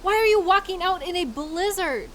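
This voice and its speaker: A woman's voice: very high-pitched, expressive, normal speed, a bit bright, slight background noise. A young woman performing a scripted audio role-play as a coworker who finds the listener in a blizzard, fussy and scolding, then apologetic, with quirky mild exclamations.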